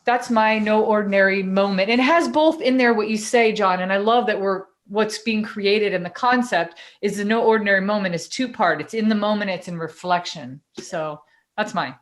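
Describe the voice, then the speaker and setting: A woman co-hosting a podcast, telling a personal story in a chatty, animated way. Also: mid-range voice, normal speed. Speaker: podcast co-host and coach. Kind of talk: casual storytelling in conversation.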